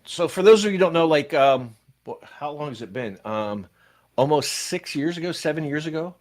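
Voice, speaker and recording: Older man, fairly high voice, pastor on a church podcast, animated storytelling. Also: moderate pace. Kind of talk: casual church podcast chat.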